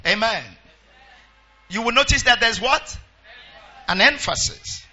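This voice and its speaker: A man's voice: very high-pitched, lively intonation, measured pace, bright, forceful tone, dull audio. A Nigerian pastor preaching a sermon. He half-sings scripture verses in a sing-song chant and calls out to his congregation.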